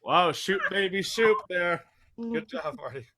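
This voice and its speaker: Man, improv game leader on a video call, rambling asides, bright tone. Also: high voice, animated, a little slow. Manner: rambling, self-deprecating asides.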